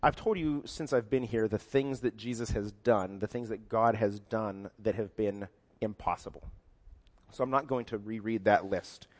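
A man's voice: lowish voice, normal speed. A man preaching a sermon, talking conversationally and acting out quoted lines in different voices. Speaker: pastor. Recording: long hall reverb.

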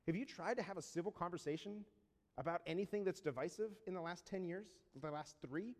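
Pastor guy preaching, kinda high voice, lots of "right?" questions, big echoey church hall. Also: a little mellow. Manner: conversational preaching with frequent rhetorical questions; reads scripture slowly and deliberately. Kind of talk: sermon. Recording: long reverb of a large hall.

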